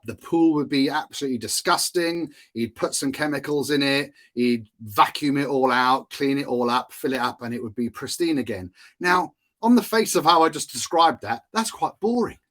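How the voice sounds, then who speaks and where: A man's voice: mid-range voice, fairly bright tone. A man from Wales teaching in a chatty, casual way, often checking in with his listeners. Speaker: course instructor.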